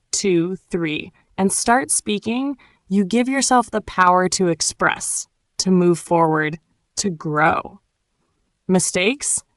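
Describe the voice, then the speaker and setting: A woman giving a scripted, encouraging English lesson in a calm, clearly enunciated way. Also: fairly low pitch, dry recording, studio quality. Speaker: English teacher. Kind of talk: scripted motivational narration.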